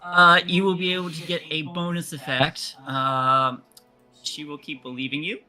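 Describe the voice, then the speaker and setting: A man narrating as game master, halting and full of fillers and restarts. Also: fairly high pitch, flat delivery, pushed and bright, soft background music.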